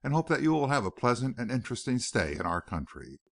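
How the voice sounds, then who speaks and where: A man's voice: medium pitch, very animated, fast talker, dry recording, studio quality. A man reading the lines of a wry, articulate newspaper reporter in an audiobook.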